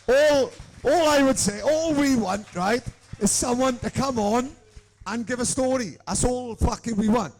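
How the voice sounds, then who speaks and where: A man with a strikingly high, gravelly voice runs through rambling stories on a live podcast. He swears in nearly every sentence, and his crude tales spill out one after another. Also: darkish tone. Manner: swears constantly, rambling anecdotes. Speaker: podcast co-host. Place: live show in a room with an audience.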